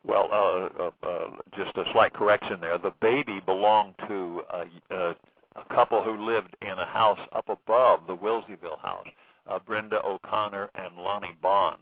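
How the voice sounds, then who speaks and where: A man speaking as an author guest in a phone interview, halting, with many fillers and restarts. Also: fairly low pitch, fairly even intonation, no room sound. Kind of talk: phone interview recounting a case. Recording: tinny phone line.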